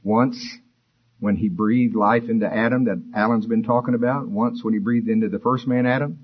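A man preaching a sermon, explaining scripture in a conversational way and rising in pitch for emphasis. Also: fairly even intonation, moderate pace, husky, lo-fi sound. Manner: expository, conversational, rises for emphasis.

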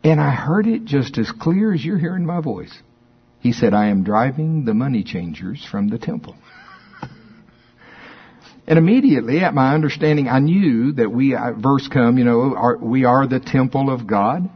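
A man preaching a sermon, telling stories with animated delivery and acting out quotes in a raised voice. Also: medium pitch, normal speed, slightly rough, muffled recording. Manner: animated storytelling, acts out quotes with rising voice.

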